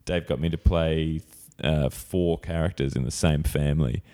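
An Australian man chatting casually as a podcast guest, relaxed and chuckling, trailing off with fillers. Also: rumbling low, normal speed. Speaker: podcast guest, comedian and actor. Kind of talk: casual chat.

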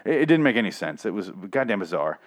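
A man's voice: fairly low pitch, big pitch swings. Sarcastic, rambling young man recapping. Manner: rambling, sarcastic, swears often, mocks characters in quick put-on voices. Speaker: TV episode recapper. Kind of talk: casual profane episode recap.

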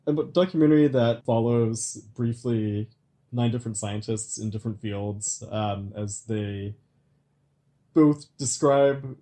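A man co-hosting a casual podcast, talking through films he saw in a relaxed, halting way. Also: medium pitch. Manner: relaxed, halting with restarts and fillers. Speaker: podcast co-host. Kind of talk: casual film review chat.

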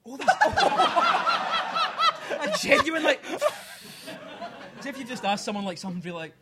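A man's voice: very high-pitched, wildly swooping pitch, a little slow, a crowd in the background. A man co-hosting a podcast live before an audience, running a quiz segment with lots of self-deprecating laughter and filler words. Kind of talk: casual live podcast chat.

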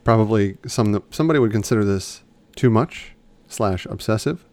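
A man with a low, gravelly voice talks through a casual podcast chat. He rambles along, restarts his sentences and circles back to his points. It sounds like a relaxed co-host just talking. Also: moderate pace. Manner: chatty, rambling, self-correcting.

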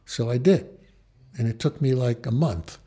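An older man from the Bronx, a photographer, telling a personal anecdote with halting restarts and acted-out quoted voices. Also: mid-range voice, warm tone, breathy edge. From New York, Bronx.

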